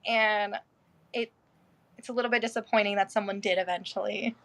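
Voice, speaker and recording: A woman's voice: mid-range voice, fairly even intonation, fairly quick, fairly bright tone. A woman guest in a casual interview who chats freely, laughs often and swears now and then.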